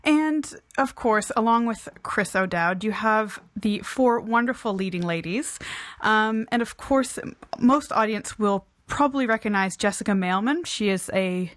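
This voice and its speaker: A woman's voice: mid-range voice, animated, unhurried, no room sound. A woman interviewing a film director, asking chatty, slightly hesitant questions.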